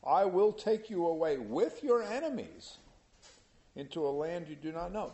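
A man leads an informal Bible study for a small group, reading scripture passages aloud and then retelling them in plain, conversational language. His voice sits a little high for a man yet has a warm, mellow tone. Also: very animated, normal speed. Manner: reads scripture then paraphrases it in casual everyday speech. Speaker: Bible teacher.

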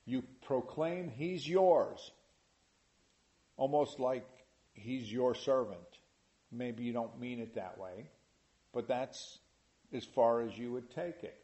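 A man preaching a sermon in an animated way, rising to loud emphasis. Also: mid-range voice, slow, pauses often, highs cut off. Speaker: pastor.

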